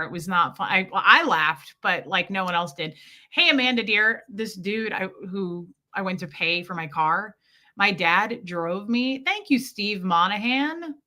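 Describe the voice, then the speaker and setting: A woman's voice: mid-range voice, bright, forceful tone. A woman hosting a casual livestream, telling jokey stories and greeting viewers by name mid-sentence. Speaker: livestream host reading chat.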